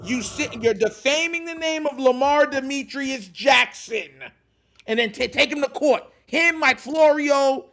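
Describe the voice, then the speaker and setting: High-pitched dude ranting on a sports pod, fired up and joking around. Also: male voice, unhurried, a bit bright. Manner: heated, joking, emphatic rants. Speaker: podcast co-host. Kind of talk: animated sports debate.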